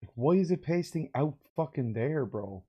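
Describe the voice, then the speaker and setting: A man's voice: a little high, animated, moderate pace, breathy edge, lo-fi sound. A man streaming game development, swearing and muttering in frustration as he follows a tutorial. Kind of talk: casual game dev livestream.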